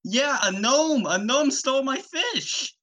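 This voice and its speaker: A man voicing an excitable, loud male fisherman in a high, drawn-out comedic voice. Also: full character voice. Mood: frantic. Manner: high-pitched, slow and drawn-out. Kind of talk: comedy podcast skit.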